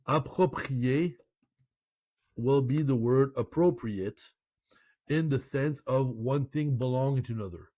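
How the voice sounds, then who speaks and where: Canadian guy teaching french online, slow and chatty, mixes in french words, dry close sound. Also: on the high side, dark tone, dry recording, dull audio. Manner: chatty, playful, mixes French phrases into English explanations. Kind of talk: online language lesson.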